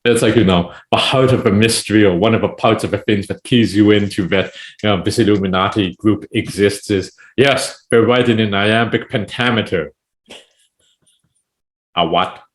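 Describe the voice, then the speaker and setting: A man guesting on a podcast as a poet, talking in a rambling, animated way full of "it's like, you know". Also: fairly low pitch, moderate pace. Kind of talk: casual podcast chat.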